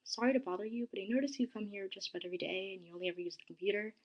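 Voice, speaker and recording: A woman voicing a chatty, friendly teenage girl who works as a library aide, in a bubbly, talkative way with a breathy voice. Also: mid-range voice, rapid-fire, muffled recording, lightly acted.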